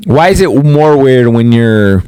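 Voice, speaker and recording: A man's voice: mid-range voice, a little slow, a little hiss or hum. A man in his forties hosting a podcast, telling rambling, profane stories in casual chat. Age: 40s. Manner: rambling, profane, animated storytelling. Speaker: podcast host.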